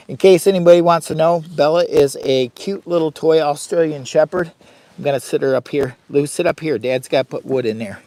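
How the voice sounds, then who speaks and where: A man's voice: on the high side, brisk, mellow, no echo. A man hosting a casual outdoor live stream from his campsite, chatting directly with viewers. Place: outdoors by a hot tent, windy campsite.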